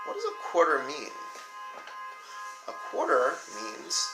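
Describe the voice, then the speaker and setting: Gravelly-voiced man teaching children to count. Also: medium pitch, huge pitch swings, echoey room, music in the background, poor audio. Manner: patient, counts aloud slowly with pupils. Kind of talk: recorded lesson for young children.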